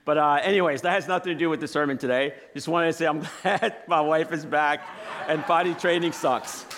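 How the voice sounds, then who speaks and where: A man's voice: on the high side, steady tone, brisk, a bit bright, a little hiss or hum. Casual, chatty male preacher. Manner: casual, chatty, laughs while telling stories. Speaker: guest preacher. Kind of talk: sermon with personal stories. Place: church sanctuary.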